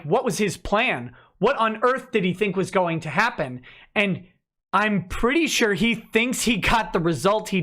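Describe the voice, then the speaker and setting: Sarcastic male livestream host, animated, mocking asides between chat questions. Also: high-pitched. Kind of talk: casual livestream commentary.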